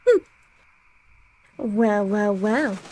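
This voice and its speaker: A woman voicing a sly, teasing adult stranger who draws her words out slowly and calls others dear in a fan-made cartoon. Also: mid-range voice, lively intonation, darkish tone, a little hiss or hum, rough recording.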